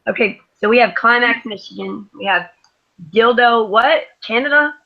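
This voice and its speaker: A woman's voice: on the high side, moderate pace, creaky, highs cut off. A woman on an online group voice call, joking around and swearing casually, laughing often.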